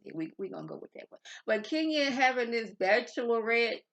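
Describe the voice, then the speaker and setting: A woman's voice: on the high side, big pitch swings, brisk, creaky, a bit bright. A woman in her thirties giving a casual, chatty review of a reality TV episode, rambling off on tangents as she talks. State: a bit irritable before coffee. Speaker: reality TV recap vlogger. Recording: dull lo-fi sound.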